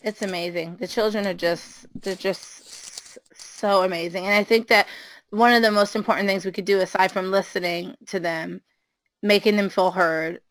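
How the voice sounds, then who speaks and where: A woman, a preschool teacher, chatting casually and telling an animated story, acting out the quotes with a higher voice. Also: moderate pace, low-quality recording.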